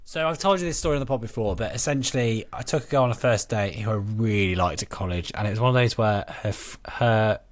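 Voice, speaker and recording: A man's voice: on the low side, quick pace, hardly any pauses, no echo. A man, co-hosting a film podcast with teasing chat and anecdotes. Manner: teasing, storytelling. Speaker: podcast co-host. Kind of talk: casual chat.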